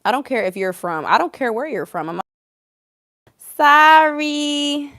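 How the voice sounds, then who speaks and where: A woman's voice: medium pitch, big pitch swings, fast talker, fairly bright tone, dry recording, studio quality. A woman doing a live-streamed tarot reading, sarcastic and blunt, swearing freely and laughing often. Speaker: tarot reader.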